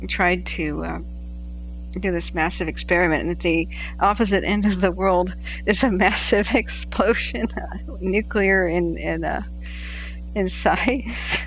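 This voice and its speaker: A woman from the Pacific Northwest hosts a casual livestream tracking wildfires, chatting, laughing a lot, and reading viewer messages aloud. Her voice is on the low side, and the recording is muffled with slight background noise.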